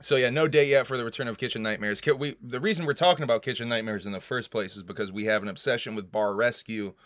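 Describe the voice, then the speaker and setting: A man's voice: medium pitch, fast talker, fairly bright tone, no echo. A man hosting a casual livestream chat, loose and profane, laughing and coughing often. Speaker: host.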